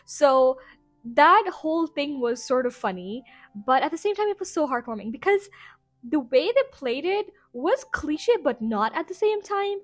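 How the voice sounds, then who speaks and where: A woman's voice: sits high, big pitch swings, moderate pace, faint music behind. A woman hosting a casual rambling review show, chatty and full of filler phrases. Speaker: podcast host.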